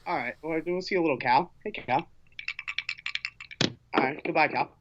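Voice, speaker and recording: A man hosting a casual sports talk show, playful and halting, with many fillers. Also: on the high side, highs cut off, background noise. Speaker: host.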